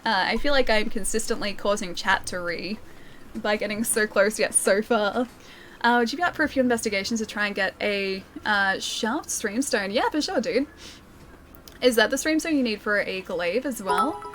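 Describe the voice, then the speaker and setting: A woman's voice: mid-range voice, normal speed, fairly bright tone, a little hiss or hum. A young Australian woman streaming a video game, chatting casually, answering viewers and laughing often, with a soothing voice. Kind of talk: casual live-stream chat while gaming.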